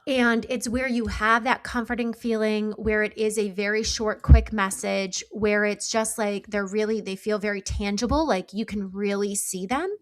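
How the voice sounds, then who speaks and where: A woman's voice: medium pitch, steady tone, moderate pace, hardly any pauses. Earnest middle-aged woman explaining. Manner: explanatory, earnest, uses many likes. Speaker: psychic guest. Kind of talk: interview conversation.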